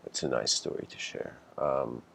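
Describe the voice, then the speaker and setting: A young man with a notably low voice talks through a casual lecture. He rambles, circles back with fillers and restarts, and lifts his voice to act out the people in his story. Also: steady tone, normal speed, gravelly, a bit bright, a little hiss or hum. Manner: acts out characters in the story with raised voice.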